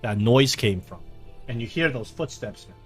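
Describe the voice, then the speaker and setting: A man narrating a tabletop game as game master, describing scenes in a halting way and often repeating words. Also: medium pitch, animated, faint music behind.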